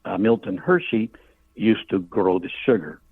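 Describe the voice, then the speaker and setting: A man's voice: on the low side, animated, normal speed, husky, dry recording. Older man telling a story over a tinny phone line. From Cuba. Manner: vivid storyteller, acts out voices in his quotes. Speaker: author guest. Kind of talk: storytelling in a radio interview.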